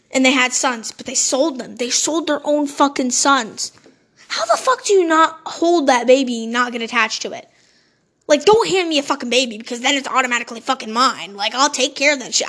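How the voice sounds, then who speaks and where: A woman's voice: high-pitched, fairly bright tone. A woman hosting her own solo podcast, swearing freely as she rants and keeps losing her train of thought. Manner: profane, heated ranting that loses its train of thought. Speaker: podcast host.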